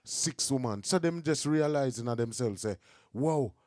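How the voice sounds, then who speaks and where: A man's voice: medium pitch, expressive, moderate pace, a little mellow, no room sound, studio quality. A middle-aged man with a Jamaican accent, explaining his views earnestly in casual podcast chat. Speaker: podcast host.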